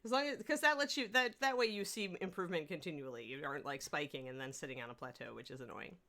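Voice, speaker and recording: A woman's voice: low voice, fast, pushed and bright. A woman hosting a casual livestream painting tutorial, chatting with viewers and her pet between tips. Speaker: miniature painting instructor and stream host.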